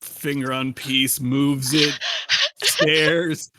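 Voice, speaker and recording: A man's voice: mid-range voice, fairly even intonation, extremely slow, bright, forceful tone. A man playing in a tabletop game, joking around and laughing between words. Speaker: player. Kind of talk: casual tabletop play.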